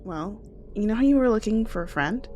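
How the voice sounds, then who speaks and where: A woman's voice: medium pitch, animated, a little fast, a little mellow. A woman playing in a tabletop game, speaking in a friendly, slightly hesitant way. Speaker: player. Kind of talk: in-character tabletop play.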